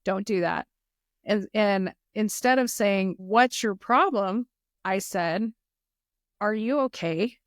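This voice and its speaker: A middle-aged woman speaks as an interview guest, sharing personal stories with earnest conviction. Her voice sits at an ordinary pitch for a woman, and the recording is dry and close with no room sound. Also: slow pace, no room sound. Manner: earnest, heartfelt storytelling. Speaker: guest, foundation leader. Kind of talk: podcast interview.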